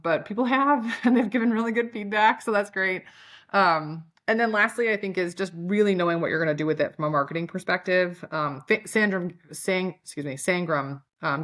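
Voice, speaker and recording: Low-voiced Chicago woman, candid chat. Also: fairly bright tone. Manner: candid, self-deprecating, frequent "um" and "like". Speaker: podcast guest, author. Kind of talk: casual interview chat.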